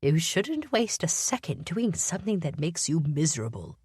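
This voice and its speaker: Lady reading as a sick old woman who sees right through people, teasing and wry, low voice swinging up and down. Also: very animated, normal speed, a little mellow, slightly rough, no echo, exaggerated voice. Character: frail, blunt, sharp-eyed old woman, sick in bed. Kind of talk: audiobook character voice.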